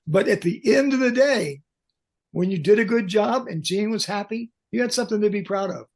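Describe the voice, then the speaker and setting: An older man, a concert pyrotechnics veteran, telling lively backstage stories as a podcast guest and acting out the lines he quotes. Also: high-pitched, fairly quick. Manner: animated anecdotes, acts out quoted lines. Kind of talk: storytelling in a podcast interview.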